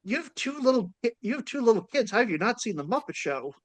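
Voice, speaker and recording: Higher-pitched man, podcast co-host, joking dry asides, casual chat. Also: big pitch swings, quick pace.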